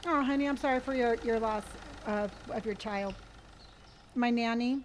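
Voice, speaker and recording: A middle-aged woman on a live stream, talking easily to her viewers in a slightly high voice. She reads out their comments and answers each one warmly and gently, calling people honey as she goes. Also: moderate pace, a little hiss or hum. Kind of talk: casual live-stream chat.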